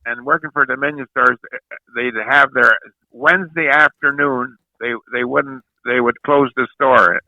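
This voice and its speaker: A man's voice: medium pitch, steady tone, normal speed, dry recording, phone-quality sound. An older man telling stories from his youth as a guest, rambling and repeating his words. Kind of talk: rambling storytelling.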